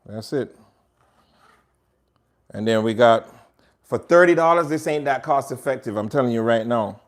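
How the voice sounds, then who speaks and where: A man's voice: mid-range voice, normal speed. A man with a Jamaican accent hosting a casual cooking demonstration in a home kitchen, chatting straight to viewers as he works. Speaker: cooking show host.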